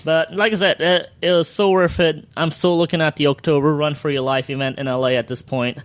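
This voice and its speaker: A man with a fairly high voice chats on a podcast, spinning an animated story. He swears freely and drops into quick impressions of the people he describes. It is casual talk among friends at a desk mic. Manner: excited, profane, acts out quotes. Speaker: podcast co-host.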